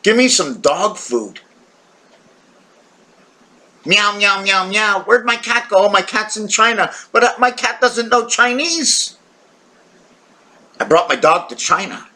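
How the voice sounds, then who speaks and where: A man's voice: high voice, big pitch swings, a little slow, pushed and bright. A tired man talking to camera in a rambling, wandering monologue, questioning himself and breaking into playful sound effects. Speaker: video maker.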